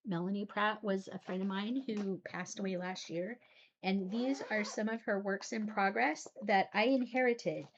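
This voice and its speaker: Soft-spoken woman, teary crafting vlogger. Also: mid-range voice, steady tone, highs cut off, slight background noise. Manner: soft-spoken, pauses often with ums. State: teary, voice breaking. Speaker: cross stitch vlogger. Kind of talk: casual show-and-tell vlog.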